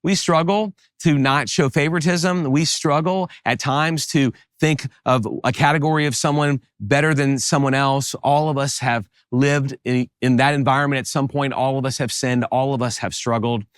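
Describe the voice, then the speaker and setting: Man, Southern American accent, middle-aged pastor, animated sermon delivery, dry close sound. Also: medium pitch, normal speed, few pauses, dry recording. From American South, New Orleans area. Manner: animated preaching with emphatic rises.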